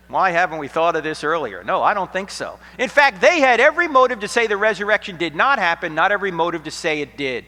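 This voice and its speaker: A middle-aged American man giving an apologetics lecture to college students, telling stories dramatically, sometimes hushed and sometimes nearly shouting, with a sarcastic edge. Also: high-pitched, lively intonation, quick pace, hardly any pauses. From United States. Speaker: Christian apologetics speaker. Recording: long hall reverb.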